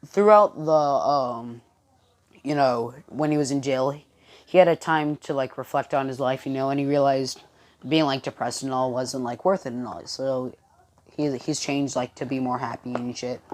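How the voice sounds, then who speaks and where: A woman's voice: very deep voice, steady tone, normal speed, a little mellow. A woman improvising a fan-fiction story aloud, rambling with many fillers.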